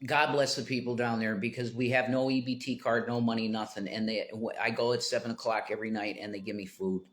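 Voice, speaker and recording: A man's voice: medium pitch, level tone, brisk. Man, livestream chat, rambling, jumps between topics, mid-range voice, sudden emphatic bursts. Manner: rambling, tangent-prone, emphatic outbursts.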